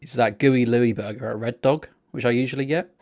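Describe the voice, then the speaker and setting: A man co-hosting a casual podcast, telling rambling, sweary anecdotes in a relaxed chatty way. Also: mid-range voice, fairly quick. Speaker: podcast co-host.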